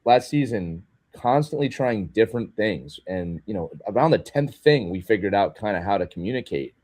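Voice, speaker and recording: A man co-hosting a podcast, telling candid, animated stories from coaching youth hockey. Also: on the low side, moderate pace. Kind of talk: casual podcast conversation.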